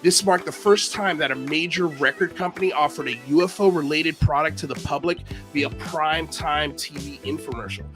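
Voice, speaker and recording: A man's voice: on the high side, moderate pace, hardly any pauses, a bit bright, faint music behind. A man hosting a casual livestream interview, upbeat and self-deprecating, joking about his own mistakes. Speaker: host.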